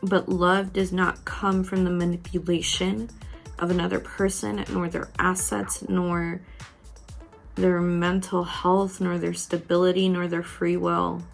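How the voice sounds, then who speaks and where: A woman's voice: fairly low pitch, level tone, a little slow, vocal fry, faint music behind. A woman giving a tarot reading, talking frankly and intimately to the viewer, with casual swearing. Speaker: tarot reader.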